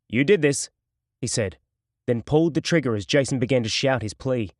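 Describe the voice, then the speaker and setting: A man narrating a crime novel audiobook in a steady, measured storytelling voice. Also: medium pitch, no echo, clean studio sound.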